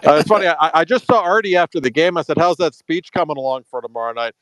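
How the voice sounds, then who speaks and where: A man's voice: fairly high pitch, animated, fast, a bit bright, dry recording, low-quality recording. A man casually chatting as a hockey writer on a podcast, telling stories in an offhand, dry way.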